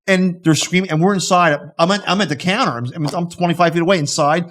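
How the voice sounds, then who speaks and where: A man co-hosting a podcast, telling a story with lively energy and acting out the people in it. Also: sits high, quick pace, hardly any pauses. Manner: animated storyteller who acts out the people in his stories. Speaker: podcast co-host. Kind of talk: casual storytelling chat.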